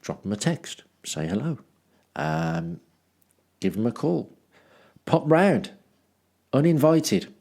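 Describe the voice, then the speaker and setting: A man's voice: on the high side, sing-song, takes it slowly, vocal fry, long pauses, darkish tone. A man from Dudley reading his travel journal aloud as a podcast host, with wry self-mocking asides and rambling ums and restarts. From Dudley, England.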